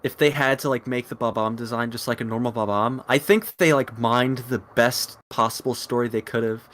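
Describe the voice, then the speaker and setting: Podcast panelist, man, medium voice, halting casual speech. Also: mid-range voice, a bit bright, slight background noise. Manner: halting, stumbling over words. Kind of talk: casual chat.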